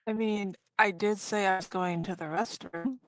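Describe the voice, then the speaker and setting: A woman's voice: medium pitch, steady tone, moderate pace, dry recording, rough recording. A woman playing in a tabletop game, teasing and playful. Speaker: player. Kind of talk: casual tabletop play.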